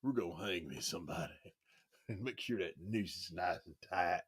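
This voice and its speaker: A man putting on a gruff old cowboy from a salsa commercial, in a low growl. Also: expressive, normal speed, exaggerated voice. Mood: menacing.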